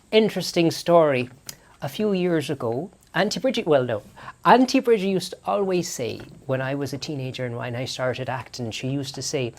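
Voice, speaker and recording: A man vlogging in a small barn studio, telling stories casually with lots of restarts and self-corrections. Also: medium pitch. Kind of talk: casual storytelling to camera.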